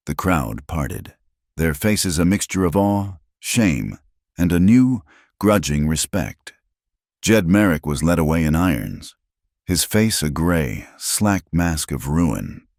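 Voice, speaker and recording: An extremely deep male voice reads a western tale in short, dramatic phrases, his pitch rising and falling with lively expression. The recording is close and dry, with no room sound at all. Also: no echo. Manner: dramatic, measured, pausing phrase by phrase. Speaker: storyteller. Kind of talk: scripted narration of a western story.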